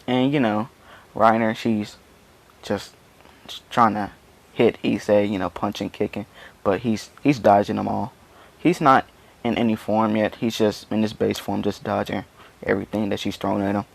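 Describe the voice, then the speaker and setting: A man's voice: fairly low pitch, steady tone, normal speed, creaky. A man casually retelling a fan story, rambling and padding it with constant fillers. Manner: rambling, full of "you know" fillers.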